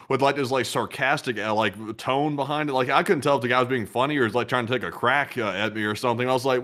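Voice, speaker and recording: A man from the United States co-hosting a livestream, telling stories haltingly with many fillers. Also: mid-range voice, fairly bright tone. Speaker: news channel co-host. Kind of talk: casual livestream chat.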